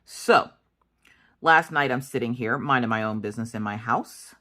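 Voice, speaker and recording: A woman in her thirties, a crafting channel host, telling a long story in an animated, indignant way as she chats. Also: rumbling low, moderate pace. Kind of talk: storytelling chat while crafting.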